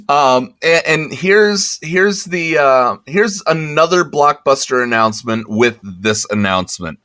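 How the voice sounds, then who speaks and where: A man hosting a podcast, making a rambling, halting announcement in casual chat. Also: a little high, expressive, sharp tone. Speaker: podcast host.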